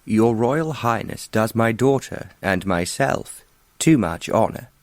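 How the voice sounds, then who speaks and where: A man's voice: mid-range voice, expressive, slow pace, dry recording, voice pushed up. A man voicing a protective older earl who speaks in an effusive, formal way.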